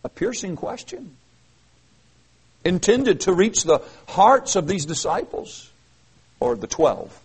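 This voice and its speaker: Captured on poor audio, a high-pitched man with a husky, slightly mellow voice preaches slowly with long pauses yet very animated delivery. He reads verses and earnestly explains them in expository style, leaning on emphatic repetition and frequent restarts.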